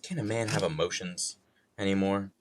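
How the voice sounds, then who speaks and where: A man's voice: deep voice, fairly even intonation, moderate pace, background noise. A man from New York streaming live, rambling casually in a self-mocking, loosely profane way with a plain, neutral accent.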